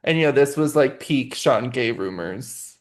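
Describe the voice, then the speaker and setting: A woman's voice: rumbling low, animated, unhurried. A woman co-hosting a podcast, blunt and gossipy, swearing freely. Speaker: podcast co-host. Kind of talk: casual chat.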